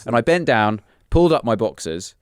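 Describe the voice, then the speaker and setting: British male comic, 30s, animated anecdote delivery, quick and dry-sounding. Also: mid-range voice, clear, resonant tone, dry recording. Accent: British English. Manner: animated, acts out voices in anecdotes. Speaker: comedian guest. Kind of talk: casual podcast storytelling.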